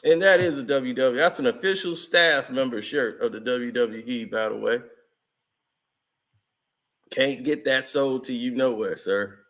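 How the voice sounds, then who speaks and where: A man's voice: mid-range voice, measured pace, fairly bright tone. A man giving casual, chatty commentary over old photos, laughing often and telling stories in loose slang. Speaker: vlogger.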